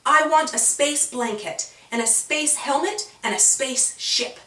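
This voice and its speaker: A woman doing soft wishing children's voices. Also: high-pitched, a little slow, echoey room, far from the mic. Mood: wishful.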